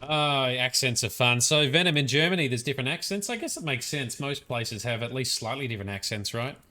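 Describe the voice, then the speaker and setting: A man's voice: mid-range voice, expressive, brisk, pushed and bright. A young man with an Australian accent, casually commenting while playing a game, playful and chatty. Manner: chatty, playful, laughing often. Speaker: let's play host.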